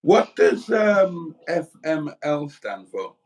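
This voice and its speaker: A man's voice: a little high, very animated, takes it slowly. A middle-aged man from South Wales hosting a casual livestream, chatting in a rambling, self-deprecating way as he reads out viewer comments. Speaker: livestream host.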